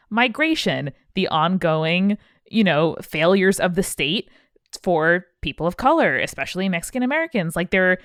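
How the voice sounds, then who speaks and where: A woman's voice: fairly low pitch, no echo, clean studio sound. A woman co-hosting a podcast, speaking in an outspoken, indignant, irreverent way. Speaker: podcast host. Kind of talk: casual podcast chat.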